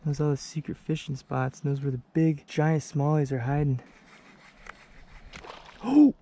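A man's voice: on the high side, moderate pace. A young man casually vlogging a fishing trip outdoors on a lake, talking to the camera and exclaiming whenever a fish bites. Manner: excitable, exclaims often.

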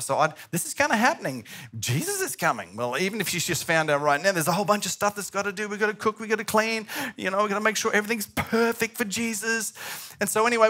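Animated male preacher. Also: high-pitched. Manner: animated storytelling, acts out quoted voices. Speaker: pastor. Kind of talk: sermon.

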